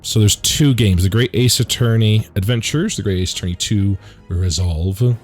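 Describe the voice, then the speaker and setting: A man hosting a casual let's play, rambling excitedly and joking between dialogue lines. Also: on the low side, moderate pace, soft background music. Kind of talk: casual gaming commentary.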